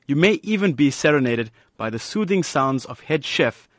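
A man narrating a scripted radio news feature in an even, polished delivery. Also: fairly high pitch, normal speed, no room sound.

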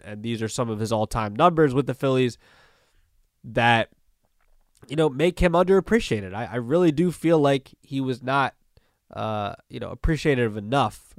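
A male podcast host running through sports news in a casual, rambling way, full of "you know" and "uh". His voice sits at an ordinary middle pitch. The sound is dry and close, with no room echo. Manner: loose and conversational, with many fillers and restarts. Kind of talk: casual solo sports talk.

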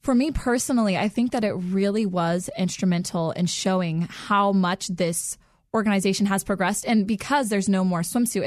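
A young adult woman with a medium-pitched, darkish voice answers interview questions as a guest, telling a personal story in an earnest, heartfelt way. She laughs lightly between sentences, and the studio-quality recording has no room sound.

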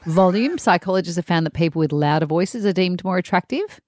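Brief: female podcast co-host, low-ish voice, amused chatty delivery, dry sound. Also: animated, a little fast, a little mellow, dry recording. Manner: chatty, amused, often laughing. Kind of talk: casual banter, presenting a list.

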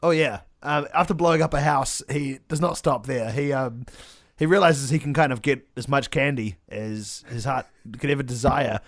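Dry-sounding man with a deadpan comic delivery. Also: mid-range voice, moderate pace, no room sound. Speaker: comedy podcast co-host. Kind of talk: improvised comedic storytelling.

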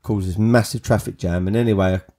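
A man, telling personal stories as a podcast host in a chatty, animated way. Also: fairly low pitch, fast talker. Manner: chatty, animated storytelling with many restarts. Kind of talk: storytelling monologue.

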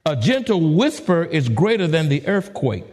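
A man with a high voice preaching a sermon. He swings from quiet, soft lines up to sudden high, urgent questions, in a dramatic preaching manner. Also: sing-song, normal speed. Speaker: pastor.

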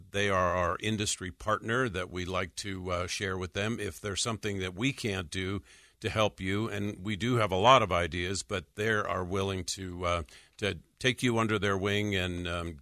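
A man hosting a radio talk show about mortgages, reading listener questions aloud and answering in a halting way, with many fillers and frequent chuckles. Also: deep voice, pushed and bright, no room sound, clean studio sound. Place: radio studio.

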